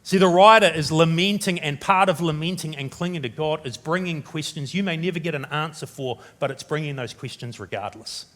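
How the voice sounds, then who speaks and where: A man preaching a sermon as pastor, from New Zealand, turning dramatic and loud when he voices the biblical writer's questions. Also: a little high, fairly quick, hardly any pauses.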